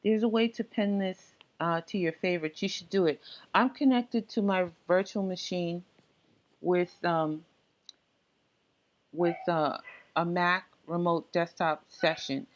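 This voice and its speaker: A woman giving a casual tech tutorial, explaining setup steps in a relaxed, halting way with frequent fillers. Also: lowish voice, muffled recording. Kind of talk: casual screen-recorded walkthrough.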